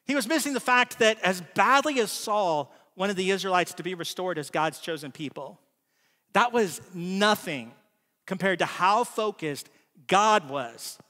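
Man, pastor, conversational sermon, keeps asking "right?", vivid bright voice, long church-hall echo. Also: high voice, lively intonation, a little slow. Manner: conversational preaching with frequent "right?" asides.

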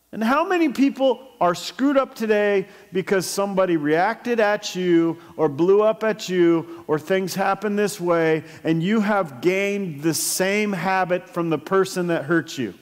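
A man preaching a sermon as pastor, telling stories with sudden loud bursts and asides. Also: sits high. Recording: long church hall reverb.

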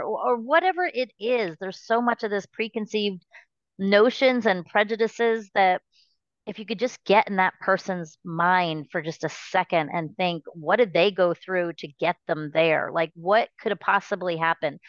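A woman's voice: lowish voice, fairly bright tone, dry recording, muffled recording. A woman hosting a podcast, talking in a chatty, rambling way with many restarts. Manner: chatty, rambling, frequent restarts and "you know". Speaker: podcast host. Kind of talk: casual interview chat.

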